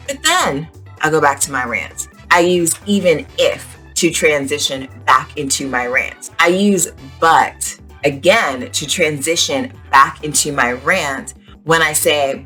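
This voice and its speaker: Young female English teacher, low-pitched but bright, chatty and animated, lesson recorded outdoors with faint music behind. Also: measured pace. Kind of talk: casual spoken lesson. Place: outdoors at a beach.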